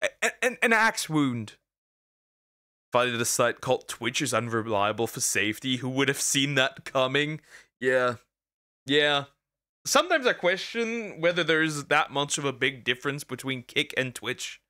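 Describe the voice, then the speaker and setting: A man's voice: mid-range voice, big pitch swings, normal speed, bright, forceful tone, no room sound, clean studio sound. A man streaming as a VTuber, reacting to a video in casual commentary, exasperated, stammering and repeating himself with bursts of laughter.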